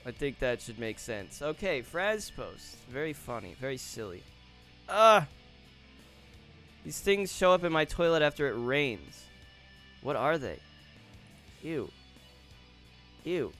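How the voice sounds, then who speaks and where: Male streamer, mid-pitched voice, casual offhand reactions, soft guitar music underneath. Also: very animated, slow pace, pauses often. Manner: reactive, reads posts aloud and comments offhand. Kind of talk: casual live-stream commentary. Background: faint guitar music.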